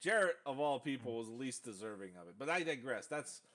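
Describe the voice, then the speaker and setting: A man's voice: medium pitch, expressive, fairly quick, a bit bright. A man hosting a casual podcast, bantering loosely with jokes, swearing and mocking impressions. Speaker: podcast host.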